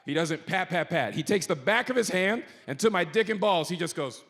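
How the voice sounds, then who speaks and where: A man doing stand-up, telling a story and swinging from low mutters to high shouted outbursts on a stage mic. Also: expressive, fairly quick. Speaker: stand-up comedian. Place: comedy stage in a large hall. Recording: live hall with reverb and faint noise.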